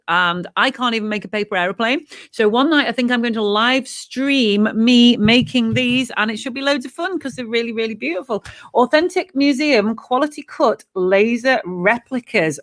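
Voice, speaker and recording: A British woman hosting a live stream, chatty and jokey, a bit hoarse from yodeling. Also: a little high, a bit bright. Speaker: host.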